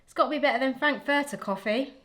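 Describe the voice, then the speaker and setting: A woman's voice: high-pitched, fast talker, fairly bright tone. A woman giving dry, plain-spoken verdicts on food she is tasting. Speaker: host's wife tasting food.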